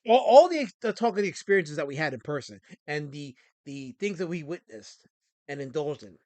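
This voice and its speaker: A man's voice: a little high, animated, brisk, warm tone, dry recording. A man hosting a livestream, chatting casually and ranting with frequent restarts. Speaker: stream host.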